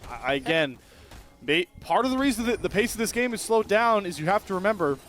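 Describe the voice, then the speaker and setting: A man giving excitable play-by-play commentary on an esports match. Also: sits high, faint music behind. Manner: excitable, quick shifts in energy. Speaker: esports caster.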